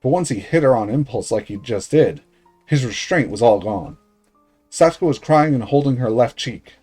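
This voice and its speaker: Animated male streamer reading a story game. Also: medium pitch, moderate pace, slightly rough, faint music behind. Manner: lively reading with casual asides. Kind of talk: reading a visual novel aloud with comments.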